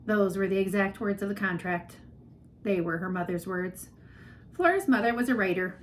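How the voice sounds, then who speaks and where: Expressive woman reading a children's novel. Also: mid-range voice, normal speed, a little hiss or hum, poor audio. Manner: expressive storytelling. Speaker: reader. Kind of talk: audiobook narration for children.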